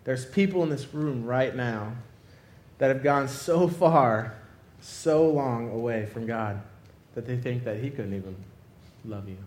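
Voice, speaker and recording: A man's voice: medium pitch, unhurried, a little mellow, roomy sound. A young man preaching, telling a funny personal story with lots of laughter before turning it to a lesson. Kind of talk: sermon with comic personal story.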